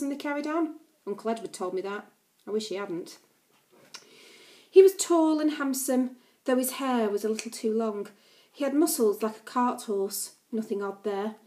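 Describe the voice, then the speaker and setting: A woman teacher reads a class novel aloud with a slightly high voice. She breaks off into playful, chatty asides to her pupils between passages. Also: warm tone.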